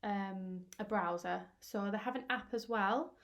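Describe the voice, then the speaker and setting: A young woman teacher talking through a screen-recorded tutorial in a chatty, explanatory way with fillers, her voice going hoarse. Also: mid-range voice, unhurried. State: losing her voice.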